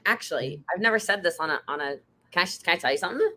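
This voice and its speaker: Thirties woman, host, bright, forceful tone, animated storyteller who acts out quotes. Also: a little fast. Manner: animated storyteller, jumps into high-pitched quoted voices. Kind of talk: casual conversation.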